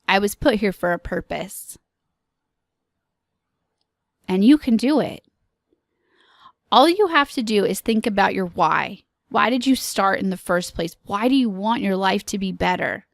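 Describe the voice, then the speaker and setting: A woman hosting a podcast, giving an earnest, encouraging motivational talk in slow, deliberate phrases. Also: mid-range voice, gravelly, dry recording, clean studio sound. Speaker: podcast host.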